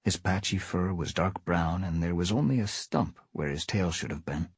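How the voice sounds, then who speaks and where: Husky, low man reading a story live, animated delivery, dry close sound. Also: normal speed, no echo. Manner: lively, shifting voices for characters. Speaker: reader.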